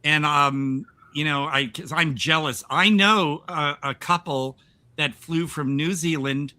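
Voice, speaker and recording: A man's voice: on the high side, steady tone, takes it slowly, pushed and bright. An older man from the United States hosting a podcast, chatting casually, rambling and restarting his sentences with frequent laughs. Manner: rambling, self-interrupting, laughs often. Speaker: podcast host. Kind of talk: casual chat.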